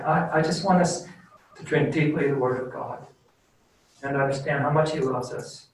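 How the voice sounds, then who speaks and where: A man preaching a sermon as pastor in an earnest, conversational, plain-spoken way, then leading a prayer. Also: medium pitch. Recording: very echoey room, distant mic, faint background noise.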